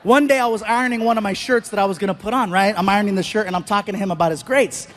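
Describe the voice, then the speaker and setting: A man doing animated stand-up storytelling on a live stage, throwing in sound effects. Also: high voice, very fast. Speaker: stand-up comedian.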